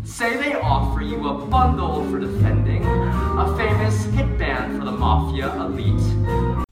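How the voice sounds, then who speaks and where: A man singing the part of a ruthless, powerful male law professor in a stage musical. He sings with a sharp, mocking bite. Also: fairly high pitch, huge pitch swings, a little slow, over loud music, voice pushed up. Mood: menacing, singing. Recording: echoey live stage recording with loud band.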